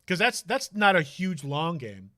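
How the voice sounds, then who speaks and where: A man's voice: a little high, big pitch swings, unhurried, sharp tone, dry recording, clean studio sound. A man streaming a game, chatting casually and rambling with jokey asides. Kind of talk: casual let's-play commentary.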